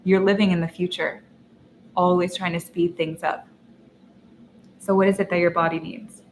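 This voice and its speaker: A woman's voice: on the low side, level tone, moderate pace, slight background noise, low-quality recording. A young woman hosting a casual livestream Q&A, upbeat and encouraging, talking straight to her viewers. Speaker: lifestyle coach and host.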